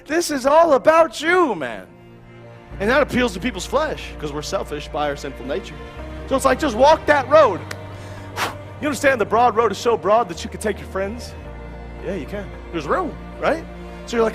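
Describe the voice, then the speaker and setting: Male evangelist, high-pitched, fervent delivery that rises to shouts, soft music bed. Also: sing-song, normal speed. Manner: impassioned, swings from hushed to shouting. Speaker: preacher. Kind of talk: evangelistic sermon.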